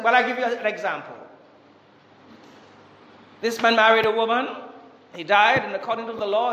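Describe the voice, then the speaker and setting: A man preaching a Catholic sermon with passion, asking rhetorical questions and swinging between loud urgency and hushed tones. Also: high voice, lo-fi sound, slight background noise. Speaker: Catholic priest. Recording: echoey church with long reverb.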